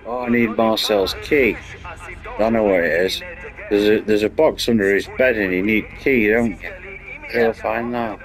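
A man's voice: lowish voice, moderate pace. Rambling man streaming a game. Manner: rambling storytelling, swears freely. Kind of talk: casual chat while playing.

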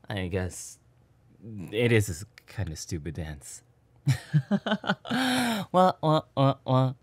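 A man's voice: fairly low pitch, a little mellow, husky, no echo, heavily acted. A man voicing a playful young boyfriend who rambles in a goofy, scatterbrained way and is out of breath, in a whispered role-play.

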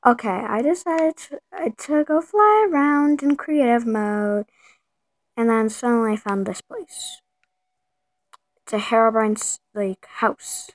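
A woman's voice: fairly high pitch, slow pace, no echo. A woman giving casual commentary over a video game, acting frightened, often dropping to whispers and gasping. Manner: acts scared, drops to whispers and gasps. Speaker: gameplay video host.

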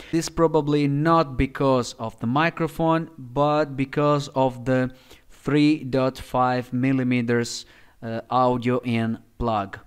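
A man with an Italian accent talks through a product demo at an unhurried, deliberate pace. He explains step by step and often restarts a phrase while he shows something. His voice sits at an ordinary middle pitch. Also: clear, resonant tone. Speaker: tech reviewer. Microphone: testing desk microphones.

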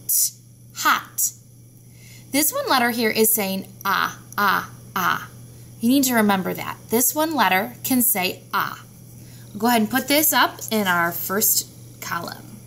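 A woman's voice: fairly high pitch, creaky, pushed and bright, a little hiss or hum. A woman teaching a children's phonics lesson, patiently sounding out each letter and word. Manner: slow, patient, sounding out words.

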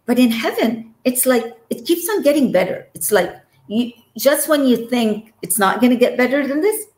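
A woman's voice: fairly high pitch, expressive, moderate pace, a little mellow, roomy sound, rough recording. A woman telling a personal story as an interview guest, emotional and trailing off between phrases.

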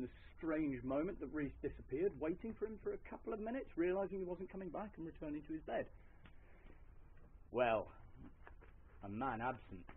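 A man's voice: medium pitch, slight background noise. A man telling a folk tale live, with wry asides to his audience. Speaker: storyteller. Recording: lo-fi live recording, faint ambience.

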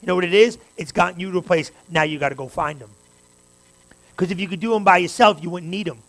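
Man, pastor, sermon, high voice, gravelly, fervent, talks straight to the room. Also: quick pace, a bit bright. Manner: preaching with rising fervor, direct address to the congregation.

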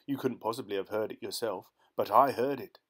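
A man reading an audiobook, voicing a peculiar, excitable male inventor who speaks urgently and intensely. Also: mid-range voice, normal speed, natural voice.

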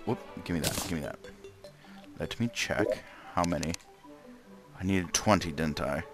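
A man's voice: low-pitched, gravelly. A man casually commenting on his own gameplay, muttering to himself and breaking into frustrated outbursts. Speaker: let's play gamer. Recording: gameplay with loud game music behind.

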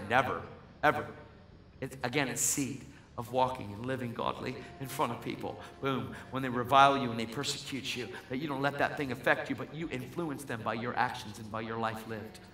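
Bright, animated man preaching in echoey hall. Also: medium pitch, a little hiss or hum. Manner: animated storytelling, acts out voices, builds to shouting. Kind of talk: sermon testimony. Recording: echoey hall with faint music.

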